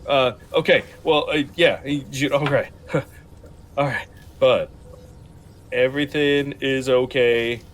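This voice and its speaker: A man's voice: medium pitch, fairly even intonation, slow, pauses often, slight background noise. A man playing in a tabletop game, talking in character in a flustered, stammering way. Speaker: player.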